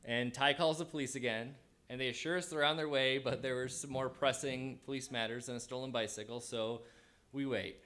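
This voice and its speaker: Man telling a lively personal story. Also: medium pitch, fairly quick, hardly any pauses. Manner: animated retelling, acts out his own quoted thoughts.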